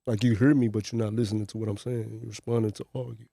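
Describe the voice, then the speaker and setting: Mellow-voiced man in casual chat. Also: on the low side, little pitch movement, fast talker, creaky, no room sound, clean studio sound. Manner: laid-back, short affirmations. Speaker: podcast guest.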